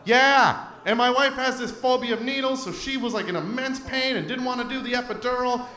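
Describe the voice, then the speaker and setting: A man with a Canadian accent doing a stand-up comedy set, acting out characters with shouting bits. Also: extremely high pitch, fairly quick. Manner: animated, acts out shouting characters. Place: theater stage before a live audience. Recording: roomy venue with loud crowd laughter.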